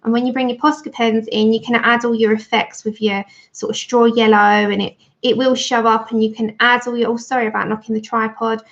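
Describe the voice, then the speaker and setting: A woman's voice: a little high, little pitch movement, fairly quick, hardly any pauses. A woman chatting casually to her livestream viewers while she colours, thanking them by name. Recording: dull lo-fi stream audio.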